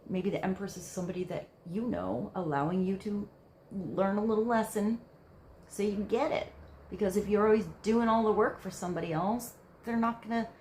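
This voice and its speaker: A woman's voice: mid-range voice, a little mellow, echoey room, slight background noise. A woman giving a casual tarot reading, musing aloud in a rambling way with many fillers. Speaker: tarot card reader.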